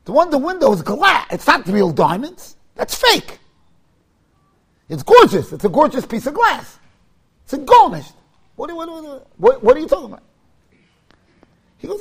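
A man teaching a Torah class. He tells stories in an animated way, mixes in Hebrew and Yiddish terms, and rises to emphatic shouts. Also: very high voice, normal speed, creaky, pauses often.

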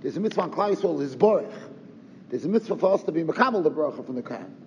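A man's voice: on the high side, expressive, racing. A man giving a Torah lecture, firing off rhetorical questions and sprinkling in Yiddish and Hebrew terms. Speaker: Torah teacher. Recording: roomy reverb, dull lo-fi sound, faint noise.

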